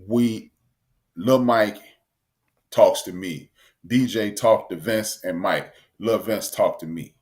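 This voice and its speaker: A man, co-hosting a casual talk show and telling an animated story. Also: fairly low pitch, takes it slowly. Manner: storytelling, animated, acts out quotes. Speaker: podcast co-host. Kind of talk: casual chat.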